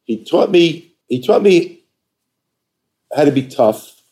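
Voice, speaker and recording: An older man from New York, an interview guest telling stories about his career in an animated, emphatic way. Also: fairly high pitch, takes it slowly. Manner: animated, emphatic storyteller who acts out quoted dialogue. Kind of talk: conversational storytelling.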